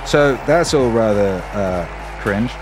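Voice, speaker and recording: A man hosting a stream, ranting sarcastically and swearing, now and then putting on squeaky mocking voices. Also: animated, takes it slowly. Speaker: stream host. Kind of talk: casual ranting stream talk. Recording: loud music behind the voice.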